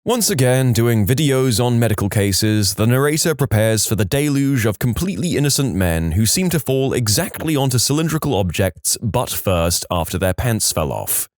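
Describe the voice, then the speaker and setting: A man's voice: mid-range voice, very animated, moderate pace, hardly any pauses, no room sound. A man reading funny reader-submitted stories aloud in a scripted narration with a dry comic delivery.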